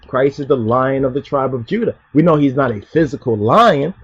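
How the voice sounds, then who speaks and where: A man teaching scripture as a Rastafari preacher, emphatic, often asking "you understand" and reading verses slowly. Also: medium pitch, husky. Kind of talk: preaching Bible study talk. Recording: dull, dry lo-fi voice recording.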